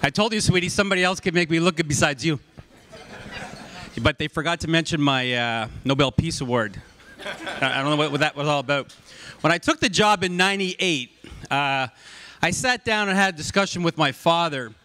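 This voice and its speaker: A man's voice: on the high side, a little fast, sharp tone. A middle-aged man, a football coach, giving a humorous induction speech full of anecdotes. He speaks into a corded microphone at an awards banquet. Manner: jokey storyteller, acts out dialogue. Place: banquet hall at an awards ceremony. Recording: echoey hall, voice from a distance.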